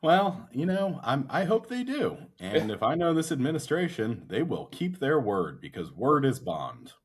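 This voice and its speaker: A man's voice: mid-range voice, big pitch swings, moderate pace, slight background noise. A man co-hosting a podcast, trading sarcastic jokes in casual comedic chat and laughing often. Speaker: podcast co-host.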